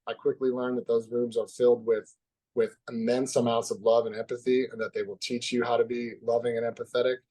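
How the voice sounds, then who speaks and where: A man as a podcast guest, telling a personal story in an open, reflective way that drops soft at the heavy parts. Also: mid-range voice, flat delivery, fairly quick. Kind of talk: candid conversational storytelling.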